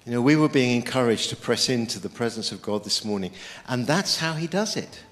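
A man preaching a sermon, lively and emphatic, quoting scripture as he goes. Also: medium pitch, a little fast. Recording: long hall reverb.

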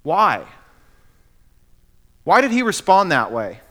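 Male pastor, bright forceful voice, emphatic storyteller. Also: sits high, wildly swooping pitch, slow. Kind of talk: sermon.

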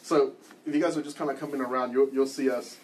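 A man's voice: mid-range voice, steady tone, fast. A man teaching a church class, leading a group, telling a personal story with wry self-deprecating humor in a loose, conversational way. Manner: loose and conversational, frequent ums and restarts.

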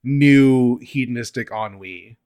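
A man in casual film-discussion chat, speaking at an ordinary middle pitch. He rambles loosely, laughs a lot and drops the odd curse word. The recording is close and dry, with no room sound. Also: slow, a little mellow, smooth, no echo. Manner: laughs often, swears, loose rambling phrasing.

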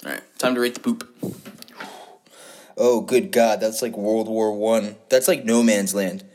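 A man's voice: lowish voice, fairly even intonation, measured pace, darkish tone. A young man hosting a rambling, profane comic monologue and laughing at his own jokes. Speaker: show host.

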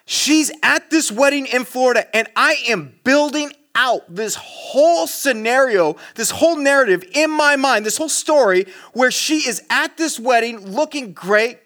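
A pastor preaching to his congregation in a high, bright male voice. He tells a story on himself in an animated way, with self-mocking asides. He drops suddenly into a hush for effect. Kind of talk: sermon.

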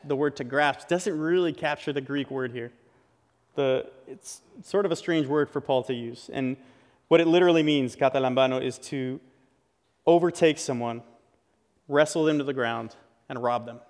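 A man's voice: medium pitch, normal speed, long pauses. A male pastor giving an earnest, conversational sermon in a church, often restarting his phrases as he builds a point. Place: church sanctuary. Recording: long hall reverb.

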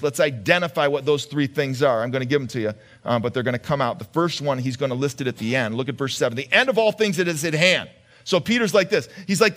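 Male pastor with a high voice, preaching casually, quizzing the congregation, stumbling over repeated words. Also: a bit bright. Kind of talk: sermon.

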